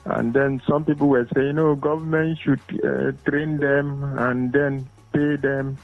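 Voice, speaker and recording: A man's voice: medium pitch, flat delivery, faint music behind. Man, radio caller, hesitant with fillers, thin phone-line sound. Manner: hesitant, many "uh" pauses. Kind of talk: call-in radio commentary. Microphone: phone call into a radio studio.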